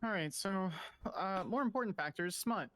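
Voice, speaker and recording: Quick, stammering roleplay character. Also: medium pitch, animated, background noise.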